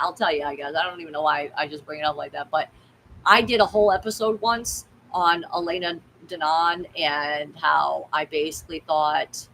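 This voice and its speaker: A woman's voice: on the low side, fairly bright tone, slight background noise, poor audio. Blunt, rambling woman streaming live. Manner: candid, rambling, blunt, swears freely. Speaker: tarot reader and livestream host. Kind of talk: casual livestream chat.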